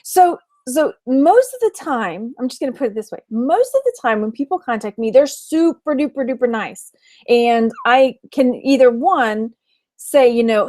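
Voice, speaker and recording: A woman from Texas, an online reseller, hosts a livestream where she chats casually, laughs often and reads out viewer comments. Her voice is on the high side, animated and a little mellow, at a moderate pace.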